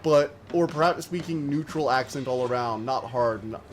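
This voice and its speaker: A man's voice: mid-range voice, normal speed, a little hiss or hum. An American man chatting loosely as he streams a game, rambling with lots of filler words. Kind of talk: casual let's-play commentary.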